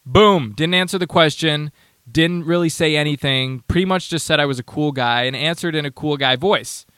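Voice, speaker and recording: A man's voice: on the high side, normal speed, fairly bright tone, clean tone, no room sound. A man hosting a casual talk show, sarcastic and rambling, with many restarts. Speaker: podcast host. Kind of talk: casual commentary.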